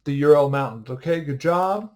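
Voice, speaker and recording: A man's voice: fairly high pitch, normal speed, noisy background. A man teaching an online history class in a casual, upbeat way, joking and quizzing his students as he goes.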